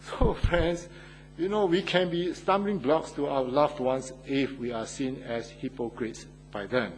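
A pastor preaching a sermon, telling stories with rising emphasis and playful asides. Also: male voice, mid-range voice, a little slow, slight background noise, low-quality recording. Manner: animated storytelling, rising loud for emphasis.

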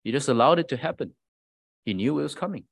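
A man's voice: mid-range voice, lively intonation, fast, vocal fry, slightly rough. A man preaching a sermon in an earnest, emphatic way, asking rhetorical questions and often repeating words as he builds his point.

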